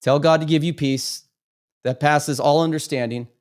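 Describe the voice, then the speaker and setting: A man hosts a live stream with impassioned, emphatic commentary, stammering over repeated words. His voice is fairly high with fairly even intonation, at a normal speed.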